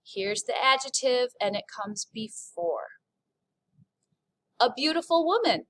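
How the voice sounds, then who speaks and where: A woman teaching a recorded French lesson, speaking slowly and clearly and modeling French phrases in an upbeat way. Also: fairly high pitch, very animated.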